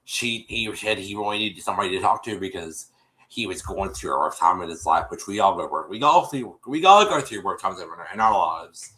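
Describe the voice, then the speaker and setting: A deep-voiced, expressive man talks briskly in a pushed, bright way while recapping a TV episode for his stream audience, whom he calls y'all. His rambling is full of restarts, and the streaming microphone gives poor audio.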